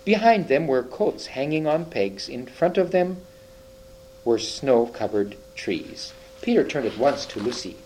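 A man narrating an audiobook with measured, expressive storytelling. His pitch rises and falls freely through each sentence. A faint hum sits underneath the recording. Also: rough recording.

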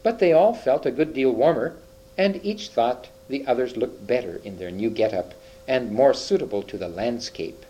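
A man narrating an audiobook in a measured, expressive storytelling manner. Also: medium pitch, slight background noise, poor audio.

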